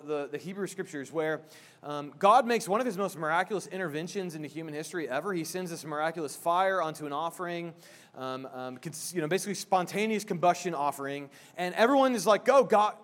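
A man pastor giving a sermon, opening with a hushed prayer and then preaching in a casual, conversational way with frequent restarts. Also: high-pitched.

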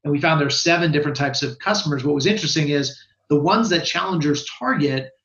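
A man with a fairly high voice explains sales research in lively, quick bursts, often restarting his sentences. His voice comes through a roomy space, and the sound is a bit dull and lo-fi. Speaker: guest expert on sales research. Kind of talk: casual podcast conversation.

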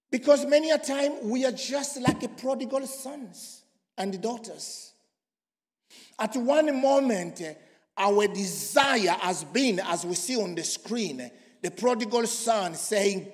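A preacher from Congo, preaching emphatically and swinging from loud to hushed. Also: male voice, extremely high pitch. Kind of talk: sermon. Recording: long hall reverb.

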